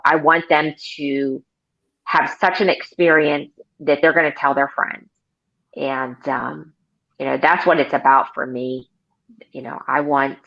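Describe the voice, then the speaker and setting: A woman's voice: sits low, muffled recording. A woman in her forties, a car sales consultant, chatting in an interview and telling stories with many fillers and restarts. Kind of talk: casual interview.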